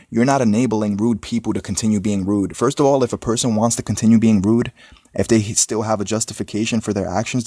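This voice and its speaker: A man's voice: on the low side, a little mellow, dry recording, studio quality. A young man talking into his smartphone in a rambling, casual motivational monologue, often asking "you know what I'm saying?". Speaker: vlogger.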